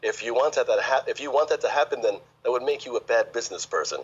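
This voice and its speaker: A man's voice: medium pitch, fast talker, slightly rough, highs cut off. A man reporting as a financial correspondent on a live news link, speaking in a confident, emphatic way.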